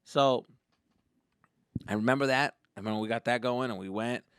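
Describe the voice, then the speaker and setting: Comedian podcast host, profane storyteller, dry close sound. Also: male voice, medium pitch, normal speed, smooth, no room sound. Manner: profane, animated, rambling.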